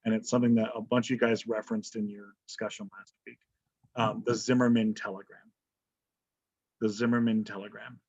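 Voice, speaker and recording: A man teaching an online history class, talking casually, joking and checking in with "right?". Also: mid-range voice. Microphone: video call. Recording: dull lo-fi video call audio.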